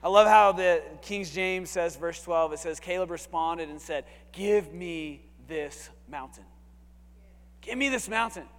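A man preaching a sermon as a pastor, animated and swinging from hushed to shouting. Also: high voice, normal speed, few pauses, clean tone. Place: church sanctuary. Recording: long hall reverb.

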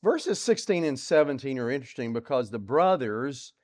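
A man teaching through a Bible passage in a sermon, asking rhetorical questions and swinging between loud and soft. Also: medium pitch, sing-song, normal speed. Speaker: preacher.

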